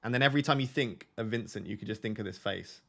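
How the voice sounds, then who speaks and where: Guy doing a laid back live stream, bit of vocal fry, cracks jokes and reads chat out loud. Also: lowish voice, quick pace. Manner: jokey, reads viewer comments aloud and laughs a lot. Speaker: fantasy football streamer host.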